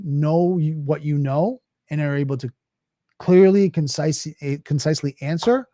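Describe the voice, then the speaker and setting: Middle-aged male host, casual solo Q&A delivery, mellow slightly high voice, dry close mic. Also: dry recording. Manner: conversational with frequent restarts and "right?". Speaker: cybersecurity host. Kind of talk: solo Q&A talk.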